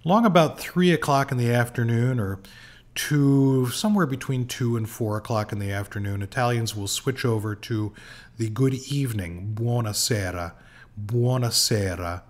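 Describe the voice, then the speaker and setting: A man giving an informal pronunciation lesson, slow and patient, with frequent fillers, repeating each word for practice. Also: mid-range voice. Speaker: language teacher.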